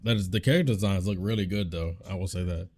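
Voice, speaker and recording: A man hosting a casual reaction video, thinking out loud and guessing and second-guessing as he comments into a desk microphone. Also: deep voice, fast, slight background noise. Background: faint trailer music.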